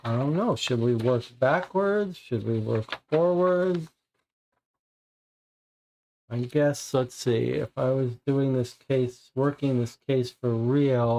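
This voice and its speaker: A man's voice: mid-range voice, creaky, dark tone. Man musing aloud over a puzzle game. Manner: musing, hesitant. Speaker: board game player. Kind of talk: thinking aloud while playing.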